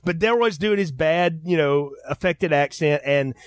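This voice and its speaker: A man co-hosting a film podcast, reviewing a movie in casual, animated chat and quoting lines in put-on voices. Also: fairly high pitch, a little slow, no echo, studio quality. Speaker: podcast co-host.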